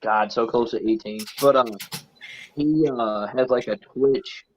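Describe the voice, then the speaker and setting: A man's voice: mid-range voice, unhurried, muffled recording, a little hiss or hum. A man in his forties, a guest on a livestream, talking hesitantly with many fillers. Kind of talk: casual chat.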